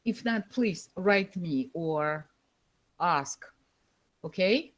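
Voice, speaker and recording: A woman lecturing a university class over a live online call, pausing often and searching for words with fillers. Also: on the low side, expressive. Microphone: computer microphone over a video call.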